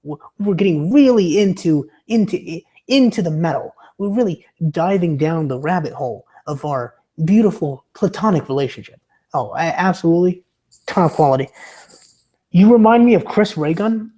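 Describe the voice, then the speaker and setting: Sick with a sore throat, a young man livestreams and rambles through viewer comments in casual chat, his voice rough and dark. He stammers and restarts often, speaking expressively at a normal speed while his pitch wanders up and down, sometimes drifting into a bouncy entertainer's voice.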